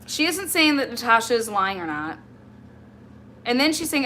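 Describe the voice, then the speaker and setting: A woman hosts a livestream and addresses someone absent head-on, exasperated and confrontational. Her fairly high, bright voice swings widely in pitch with a forceful tone at moderate pace, and there's a little hiss or hum.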